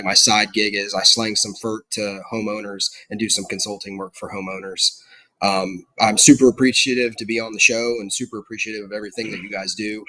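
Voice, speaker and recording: A man's voice: fairly low pitch, pushed and bright, dry recording. A man with a South Georgia accent, a podcast guest talking eagerly in casual chat. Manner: eager, many fillers and restarts.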